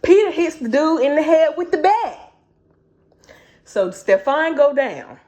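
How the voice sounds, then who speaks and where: A woman's voice: high-pitched, unhurried. A woman retelling a novel's plot in a chatty, slangy, casual way as a book reviewer. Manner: animated, chatty storytelling with slang.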